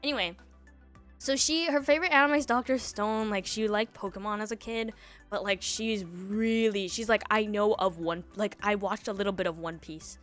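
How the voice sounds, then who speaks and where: A woman's voice: medium pitch, moderate pace, fairly bright tone, faint music behind. A young woman streamer telling a story in casual chat, rambling with lots of fillers and laughs between thoughts.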